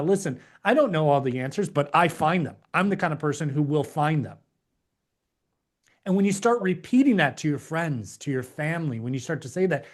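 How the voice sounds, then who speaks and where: A man teaching a live online class, emphatic and preachy, acting out the inner voices of doubt. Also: on the high side. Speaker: course instructor.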